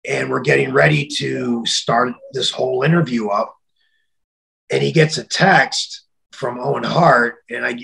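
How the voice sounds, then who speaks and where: A middle-aged man telling a story in an interview, acting out the quoted voices and sometimes shouting them. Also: mid-range voice, creaky, low-quality recording. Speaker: interview guest.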